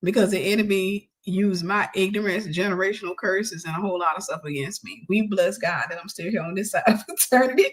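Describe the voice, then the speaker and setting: A woman host recounting a personal story with lots of animation and laughter. Her voice sits in a middle range, and she slips into quick impressions of the people she describes. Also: mid-range voice.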